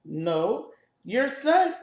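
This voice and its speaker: A woman voicing a brusque woman bus driver, talking loud, slow and emphatic. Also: fairly high pitch, sing-song, roomy sound, pitched above the performer's own voice, full character voice.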